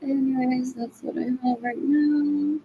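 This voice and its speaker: A woman's voice: high voice, fairly even intonation, a little slow, gravelly, dull audio, soft background music. A woman in her forties rambling agitatedly in a solo video monologue. She repeats herself and slips between English and Spanish. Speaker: vlogger asking for money.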